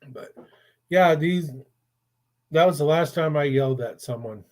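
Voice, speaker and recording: A man's voice: a little high, unhurried, darkish tone. An older man, a grandfather, hosting a casual chat show and telling rambling stories in a blunt, profane way. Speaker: podcast host.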